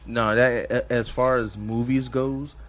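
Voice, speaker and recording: A man co-hosting a casual movie chat, excitable and slangy, laughing often. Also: mid-range voice, measured pace. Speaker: podcast co-host.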